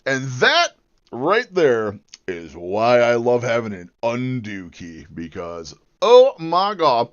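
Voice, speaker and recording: A man's voice: mid-range voice, big pitch swings, slow, a bit bright, highs cut off. An American man livestreaming while he edits a video, chatting in a rambling, joking and profane way. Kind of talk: live-stream chat while video editing.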